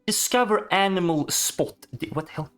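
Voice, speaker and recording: A man giving casual, excitable commentary while playing a video game, swearing and chatting to the animals he meets. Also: high voice, normal speed, faint music behind. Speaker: gaming streamer.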